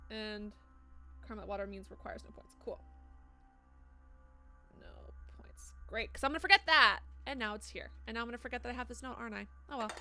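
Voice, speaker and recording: Bright-voiced, swearing woman streamer. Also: on the high side, fairly quick, faint music behind. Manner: swears freely, reads chat aloud and reacts to it. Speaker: live streamer. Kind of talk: casual live-stream chat while gaming.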